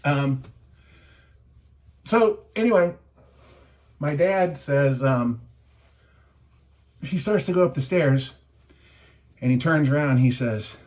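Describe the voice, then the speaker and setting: Male vlogger, 50s, mid-pitched, casual and rambling storyteller who chuckles while reviewing shaving gear. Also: takes it slowly, long pauses, a little mellow.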